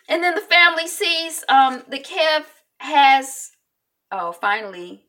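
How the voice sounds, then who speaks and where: A woman's voice: high voice, expressive, normal speed, pushed and bright. Chatty woman recapping a show. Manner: chatty, rambling with many ums. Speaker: YouTube TV recap host. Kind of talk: casual TV recap vlog.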